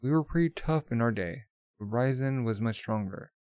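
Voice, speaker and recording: A man's voice: mid-range voice, expressive, moderate pace, a little mellow, no room sound, natural voice. A man reading the lines of a blunt, old male demon king from a manga. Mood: rueful.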